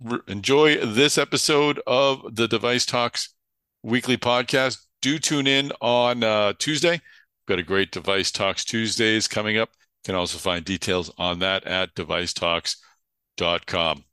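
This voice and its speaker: A man's voice: fairly low pitch, unhurried, bright, forceful tone, clear, resonant tone, no echo. A tired man with a Boston accent hosting a podcast, talking in a loose, chatty way with lots of filler uhs. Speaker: podcast host. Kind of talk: casual podcast intro and interview.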